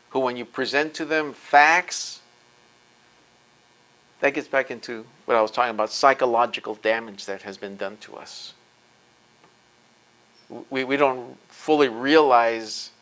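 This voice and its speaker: At a lecture event, a man fields audience questions in an impassioned, emphatic way, repeating points for force. His voice is medium-pitched, pushed and bright, and the recording is rough.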